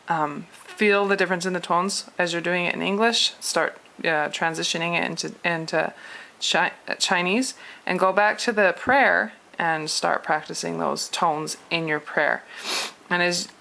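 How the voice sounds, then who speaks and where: A woman's voice: fairly low pitch, measured pace, creaky, bright, forceful tone. A young woman teaching Mandarin tones in a casual spoken lesson, patiently counting numbers aloud to demonstrate. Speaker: Mandarin tutor.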